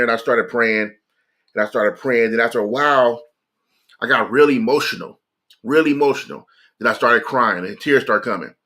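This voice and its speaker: Earnest male streamer with a bright, forceful voice, recounting a personal story casually. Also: mid-range voice. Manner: earnest, conversational, repeats phrases for emphasis. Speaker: livestreamer sharing a personal testimony.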